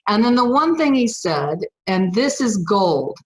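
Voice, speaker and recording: Woman, podcast guest, emphatic personal story, animated delivery, medium pitch. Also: unhurried, poor audio. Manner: animated, emphatic retelling with acted-out dialogue.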